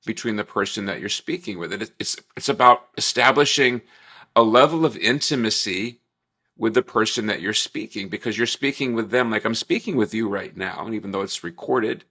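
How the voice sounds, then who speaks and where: Upbeat chatty male trainer, bright voice. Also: fairly low pitch, brisk. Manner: upbeat, chatty, jokey asides. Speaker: workplace trainer. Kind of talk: recorded morning training talk. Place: untreated room with glass walls and marble floor.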